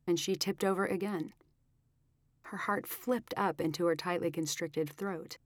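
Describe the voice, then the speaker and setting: A woman reading an audiobook aloud in a measured, dramatic storytelling manner. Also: on the low side, fairly even intonation, no room sound, clean studio sound. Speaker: audiobook narrator. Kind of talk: scripted narration.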